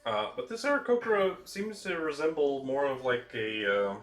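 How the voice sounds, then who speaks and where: A man's voice: on the high side, very animated, normal speed, faint music behind. A man running a tabletop game as dungeon master, talking loosely with lots of fillers and laughter.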